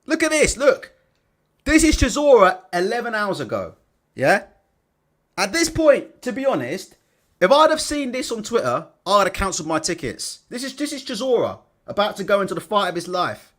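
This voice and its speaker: A man's voice: high-pitched, very animated, moderate pace, fairly bright tone. A man hosting a casual live stream, blunt and sweary, laughing as he reads out chat comments. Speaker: livestream host.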